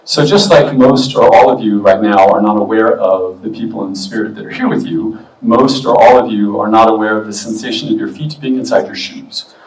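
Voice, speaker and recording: A man giving a relaxed, chatty talk as a medium to an expo audience, with many fillers. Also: lowish voice, fairly quick, far from the mic. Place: expo hall. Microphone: booming handheld or stand mic. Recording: echoey hall, mic heard from afar.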